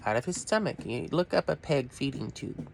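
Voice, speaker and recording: A man's voice: medium pitch, expressive, moderate pace, gravelly, noisy background. A middle-aged man ranting to camera in a blunt, profane way that keeps drifting off topic. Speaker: vlogger. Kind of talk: rambling rant to camera.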